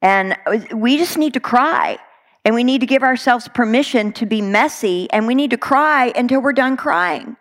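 A woman's voice: on the high side, lively intonation, normal speed. A middle-aged woman from Texas, preaching a sermon in an earnest, conversational way with many fillers.

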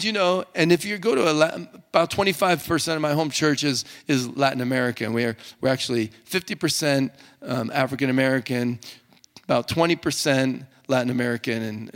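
A male pastor preaching a sermon to his congregation in a relaxed, joking, conversational way. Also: mid-range voice. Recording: long hall reverb.

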